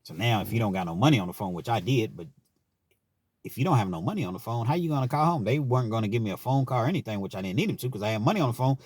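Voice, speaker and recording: A man from Richmond, Kentucky, in the US, tells casual stories about his time in prison, laid-back and frank, often ending sentences with "man." His mid-range voice is expressive and racing, with a darkish, slightly rough tone and no echo.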